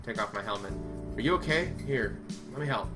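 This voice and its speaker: A man's voice: medium pitch, animated, brisk, music in the background. A man reading a visual novel aloud, dramatic and full of sarcastic asides. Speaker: game reader.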